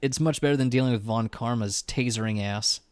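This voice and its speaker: A man's voice: medium pitch, a little fast, a little mellow, clean tone, dry recording. A man streaming a video game with a friend, chatting casually and teasing her, laughing often. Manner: joking, teasing, breaks into laughs. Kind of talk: casual gaming chat.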